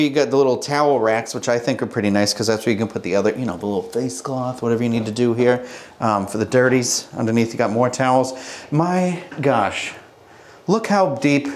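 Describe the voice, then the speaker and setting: A man's voice: medium pitch, a little hiss or hum. A young man casually giving a hotel room tour, chatty and jokey with self-mocking asides. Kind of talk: casual walk-through vlog.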